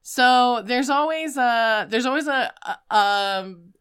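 Bright, clear-voiced woman telling a story animatedly. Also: fairly high pitch, slow. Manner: animated storytelling, acts out scenes with shouts. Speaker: podcast host recapping films. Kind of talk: casual chat.

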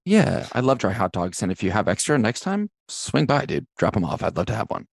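A podcast guest doing an improv scene in a rambling, chummy way, full of hedges. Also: male voice, on the low side, big pitch swings, brisk, creaky, no room sound.

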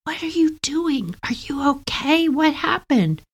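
A woman's voice: high voice, very animated, unhurried, pitched above the performer's own voice. A woman voicing a bossy six-year-old big sister who lectures her little sister in a fussy way. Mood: worried.

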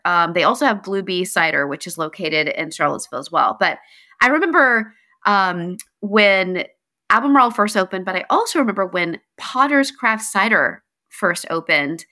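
A woman's voice: medium pitch, sharp tone. A woman from North Carolina co-hosting a beer podcast, tired, chatting casually with some stumbles. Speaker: podcast co-host. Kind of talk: casual chat.

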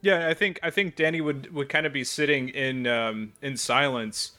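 A man's voice: medium pitch, normal speed, bright, forceful tone, soft background music. A man playing a tabletop game, hesitant and thinking aloud. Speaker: player.

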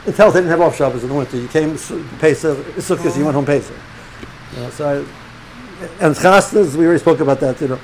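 High-voiced animated male rabbi lecturing. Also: fast talker, a little hiss or hum, rough recording. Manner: animated, repeats and restarts words, sprinkles Hebrew and Yiddish terms. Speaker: rabbi teaching students. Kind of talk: informal religious lecture.

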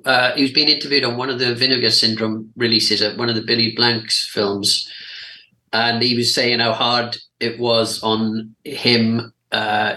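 A man with a bright, forceful voice chats about films and often repeats himself as he talks. His voice carries a roomy echo. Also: lowish voice. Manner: chatty, repeats words. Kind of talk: casual film podcast chat.

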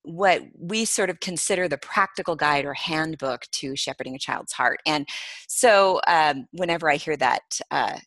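A middle-aged woman hosts a podcast in a relaxed, chatty way, sprinkling in ums and easy laughs. Her voice sits a little low but sounds bright. The recording is dry and close. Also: moderate pace, dry recording. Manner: warm, chatty, laughs often, many ums. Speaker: podcast host. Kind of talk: casual interview chat.

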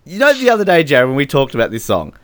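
A man's voice: fairly high pitch, huge pitch swings, fast, dry recording. A man hosting a casual podcast chat, sarcastic and often laughing. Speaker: podcast host. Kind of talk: casual chat reviewing song contest entries.

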